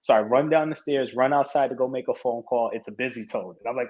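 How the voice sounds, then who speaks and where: A man's voice: mid-range voice, fast. A man in his thirties, a podcast guest, telling stories in a casual interview, laughing often and acting out what people said. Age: 30s. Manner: animated storyteller who laughs often and acts out quoted lines. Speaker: podcast guest, martial arts competitor. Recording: dull lo-fi audio.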